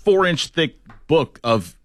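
A man's voice: fairly high pitch, takes it slowly, a little hiss or hum. A man co-hosting a podcast, casually telling stories and making dry jokes. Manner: relaxed storytelling, dry joking. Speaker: podcast co-host. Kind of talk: casual chat.

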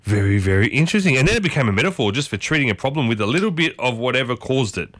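A man's voice: mid-range voice, lively intonation, very fast, a bit bright, no echo, studio quality. A man hosting a casual talk, chatting to his listeners and often turning to ask them questions. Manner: chatty, asks the audience many questions. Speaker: host.

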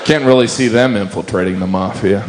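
A man's voice: on the low side, fairly quick. A man doing observational stand-up, playful and wry, often slipping into goofy voices. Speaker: stand-up comedian. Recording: live show with crowd and noise.

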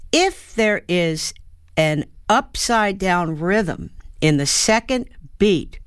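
A woman's voice: sits low, dry recording, studio quality. A woman in her seventies from the United States, a guest actor and playwright, answering reflectively and animatedly, with many fillers and sounded-out rhythms. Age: 70s. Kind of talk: reflective interview talk.

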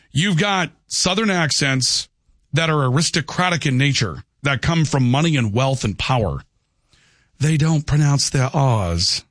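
A man's voice: mid-range voice, fairly bright tone, no room sound, clean studio sound. A man hosting a talk radio show, reading out texts and riffing on them in a rambling, emphatic, jokey way. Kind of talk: casual talk radio chat.

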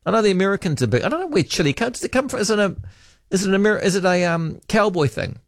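A man's voice: sits high, expressive, racing, dry recording, studio quality. A man hosting talkback radio, chatting casually and reading out listener texts, often trailing off with hesitant ums.

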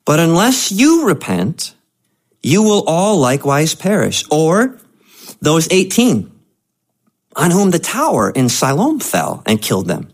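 Male pastor, sermon delivery, conversational and emphatic, very animated pitch. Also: unhurried. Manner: conversational preaching, rising to emphatic.

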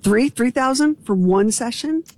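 A woman co-hosting a podcast in casual chat, animated and rambling, joking at her own expense. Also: fairly high pitch, a little slow, no room sound. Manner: animated, rambling, self-deprecating. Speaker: podcast co-host.

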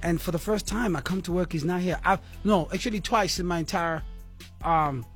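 A man's voice: sits high, moderate pace, a bit bright, faint music behind. A man with a South African accent hosting a radio show, playful and teasing in his banter. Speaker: radio host.

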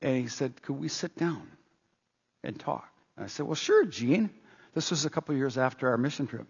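A man's voice: medium pitch, lively intonation, normal speed, vocal fry, slightly rough. A middle-aged male pastor preaching a sermon, telling a story earnestly and asking the congregation questions. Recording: dull, long-reverb hall sound.

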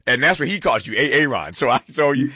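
A man hosting a radio talk show and interviewing a guest, lively and joking, laughing often. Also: mid-range voice, quick pace, husky, no echo. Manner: animated, laughs often, playful banter. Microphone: studio microphone.

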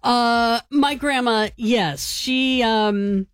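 A woman's voice: a little high, drawn-out words, clean tone, no room sound. Woman morning radio co-host, chatty and giggly, dry close studio mic. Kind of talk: casual radio banter.

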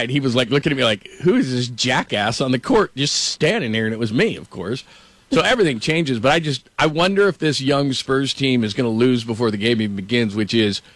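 A man's voice: mid-range voice, no room sound. Dry-voiced storytelling sports host man. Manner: storytelling, animated, quotes people. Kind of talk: casual sports talk.

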